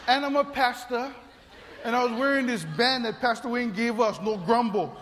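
High-voiced pastor in a reverberant hall. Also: male voice, normal speed, noisy background. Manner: playful storytelling, acts out voices, laughs often. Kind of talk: sermon with comic story. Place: church hall. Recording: long reverb of a large hall.

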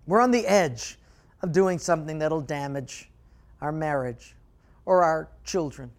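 A man preaching a sermon as pastor, telling stories with animation and dropping to quiet emphasis. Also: on the high side, unhurried.

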